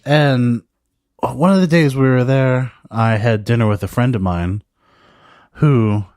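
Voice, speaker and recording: A young man co-hosting a podcast, easygoing, chuckling and tossing in quick asides. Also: medium pitch, darkish tone, dry recording, studio quality. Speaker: podcast co-host. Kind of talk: casual chat.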